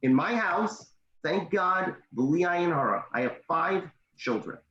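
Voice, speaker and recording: A man and motivational speaker giving parenting advice in an animated storytelling way on a video call. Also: sits high, reverberant, dull audio. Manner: animated, with emphatic pauses and tips.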